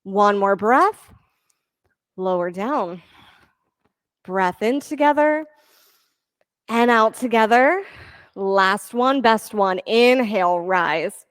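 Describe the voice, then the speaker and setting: A woman teaching a yoga class, giving steady counting cues and encouraging her students. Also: medium pitch, slow, pauses often, clean tone, no room sound. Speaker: yoga instructor. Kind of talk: leading a live yoga class.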